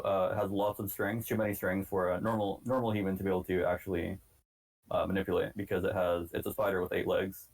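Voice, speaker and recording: A man playing his character in a tabletop game, talking hesitantly with many pauses and fillers. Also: sits low, poor audio. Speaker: player.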